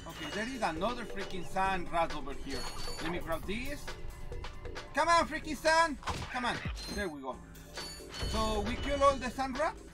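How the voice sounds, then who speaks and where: High-voiced Spanish-accented gaming host. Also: male voice, expressive, normal speed, over music. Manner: chatty, self-deprecating, exclamatory. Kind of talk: casual gameplay commentary.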